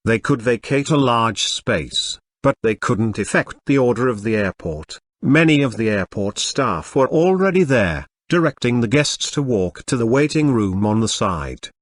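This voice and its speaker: A synthetic male narrator reading a web novel audiobook in a steady storytelling manner. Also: mid-range voice, moderate pace, few pauses, no room sound.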